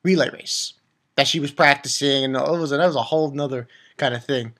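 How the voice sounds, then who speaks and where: A man giving a casual, rambling recap of an anime episode, excitable and quick to swear and laugh. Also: mid-range voice. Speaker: anime reviewer.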